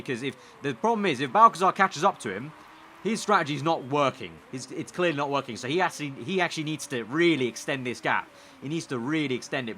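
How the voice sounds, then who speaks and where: An excitable young man from the United Kingdom talks through his racing management game with a bright, forceful voice. He mutters strategy to himself and begs the cars home. A faint hiss sits under the recording. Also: medium pitch. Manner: animated, excitable, pleading and cheering at the screen. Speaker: gaming YouTuber. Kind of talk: let's play commentary.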